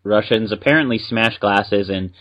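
A man's voice: fairly low pitch, normal speed. Upbeat man co-hosting, dull sound. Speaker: podcast co-host. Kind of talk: casual podcast chat.

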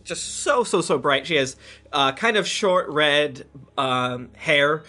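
Guy playing tabletop game, slightly high bright voice, lots of ums. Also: animated. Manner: halting, searching for words. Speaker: player. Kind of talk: casual chat around a tabletop game.

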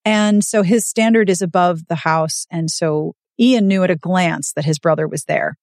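A woman's voice: fairly low pitch, normal speed, darkish tone, no echo, clean studio sound. A woman co-hosting a podcast, recapping a romance novel in casual chat and acting out the characters' lines in playful voices. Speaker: podcast co-host.

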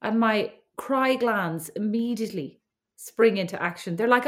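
A woman co-hosting a podcast with her sister, chatting casually, wry and quick to laugh, swearing freely. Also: medium pitch. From Ireland. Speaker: podcast co-host. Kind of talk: casual chat. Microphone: remote recording call.

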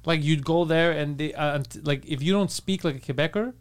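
A man's voice: on the high side, fairly quick, clear, resonant tone. A man co-hosting a podcast, mocking and teasing with incredulous, crude banter. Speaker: podcast co-host. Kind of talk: casual chat.

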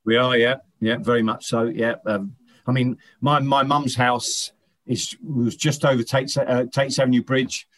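A man's voice: mid-range voice, level tone, a little slow, fairly bright tone. A man, a former footballer, chatting as an interview guest, often restarting and repeating words as he tells stories. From England, Northern Irish parents. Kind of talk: casual interview chat.

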